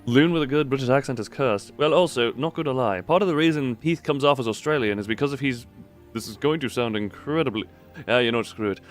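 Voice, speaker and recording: A man's voice: medium pitch, fast talker, hardly any pauses, soft background music. A man streaming a game live, joking with chat and reading the subtitles aloud. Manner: jokey and animated, trying out voices.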